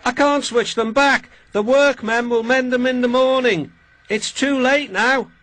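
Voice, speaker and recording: Brief: British man as a shouting railway signalman, high and harried. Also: a little slow. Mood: flustered. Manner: calling out loudly, high and strained. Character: flustered male railway signalman.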